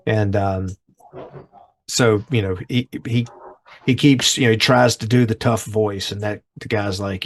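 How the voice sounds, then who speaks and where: A man's voice: lowish voice, fairly even intonation, unhurried. A man co-hosting a podcast, casually retelling a TV episode in a rambling way with many restarts. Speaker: podcast co-host.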